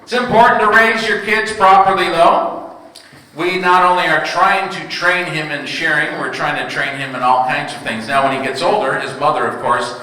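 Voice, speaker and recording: A young man performing a stand-up comedy routine, telling animated stories and slipping into put-on voices. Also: a little high, moderate pace. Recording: echoey hall from far off.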